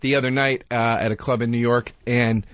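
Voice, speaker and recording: A man's voice: medium pitch, a little fast, a little hiss or hum. A male comedian co-hosting a radio show, telling profane stories and acting out quotes. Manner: animated, profane, acts out quotes. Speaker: comedian co-host. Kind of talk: casual radio banter, storytelling. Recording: dry, dull lo-fi radio audio.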